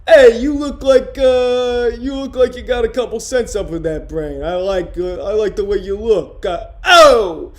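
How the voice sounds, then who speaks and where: A man's voice: high-pitched, pitched above the performer's own voice. A man doing a brash leering male comic. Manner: slow, drawn-out, loud catcalling.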